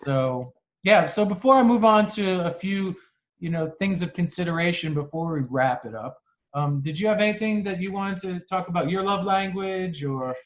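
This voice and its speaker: A man's voice: high voice, animated, normal speed. A man co-hosting a podcast, talking earnestly in casual chat and often restarting his sentences. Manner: earnest, frequent restarts and laughs. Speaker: podcast co-host.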